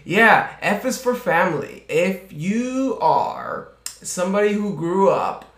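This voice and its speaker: A podcast co-host who talks in a relaxed, thoughtful way and swears casually. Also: mid-range voice, slow pace. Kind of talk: casual chat. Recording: roomy echo.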